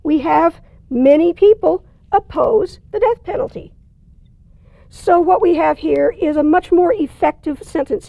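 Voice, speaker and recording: A woman's voice: extremely high pitch, vocal fry, darkish tone, no echo. A woman teaching a writing lesson, explaining in a plain, conversational way with dry asides. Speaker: writing instructor. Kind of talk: recorded lecture.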